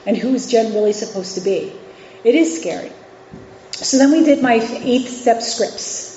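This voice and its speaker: A woman in her forties with a fairly high yet mellow voice tells her recovery story candidly, full of fillers and restarts. She speaks as a guest at a meeting, and her voice rings through a reverberant hall. The recording is dull and lo-fi, with faint noise underneath. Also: a little slow. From New York City and Virginia. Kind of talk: personal recovery share. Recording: echoey hall, dull lo-fi sound.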